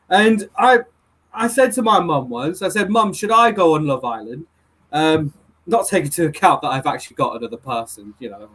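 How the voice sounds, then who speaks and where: A man comedian telling a rambling, self-deprecating story in halting bursts. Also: sits high, fairly bright tone. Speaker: comedian panelist. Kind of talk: comic anecdote on a panel show.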